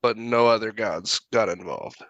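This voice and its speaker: A man's voice: on the low side, measured pace, fairly bright tone, no echo, highs cut off. A man playing a tabletop game, asking blunt questions in a casual way and swearing. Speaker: player. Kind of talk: casual chat at a gaming table.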